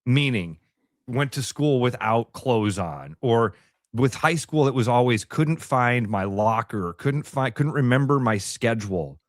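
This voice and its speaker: Man, radio co-host, casual rambling chat, self-deprecating, mid pitch, dry close studio sound. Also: lively intonation, a little slow, no room sound.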